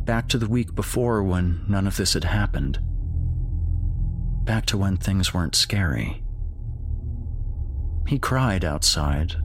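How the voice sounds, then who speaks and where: A man narrating a horror story slowly and dramatically. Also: low-pitched, slight background noise.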